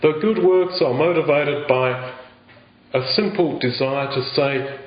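Earnest preacher with an echoey, muffled sound. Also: male voice, medium pitch, a little slow. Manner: earnest, rhetorical questions, frequent restarts. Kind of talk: sermon.

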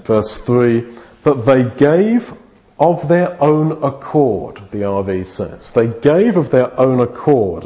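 A man's voice: mid-range voice, a little mellow, lo-fi sound. A man preaching a sermon, earnest and thinking aloud, often restarting his phrases.

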